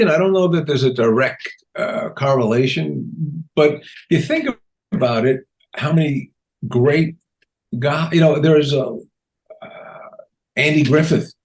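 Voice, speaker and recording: A man in his sixties tells stories in a relaxed interview at a medium pitch. He talks animatedly, slips into livelier voices to act out what people said, and laughs along the way. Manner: animated, acts out quotes in raised voices, laughs often. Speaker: guest comedian. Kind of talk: casual interview storytelling.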